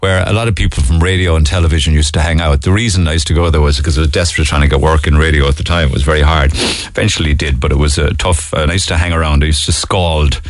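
A man's voice: a bass voice, fairly even intonation, fast, few pauses, no echo. A man hosting a radio show, chatting easily and laughing along with his caller on a studio microphone. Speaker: radio host. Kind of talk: casual radio chat.

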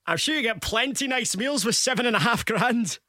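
A man's voice: very high-pitched, expressive, fairly quick, bright, forceful tone. A man hosting a radio phone-in contest, upbeat and teasing. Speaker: radio host.

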